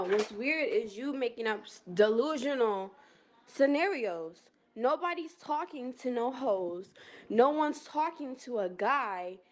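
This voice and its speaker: A woman's voice: sits high, pitched above the performer's own voice. A woman playing a petty, defensive young woman who argues back and repeats herself for emphasis.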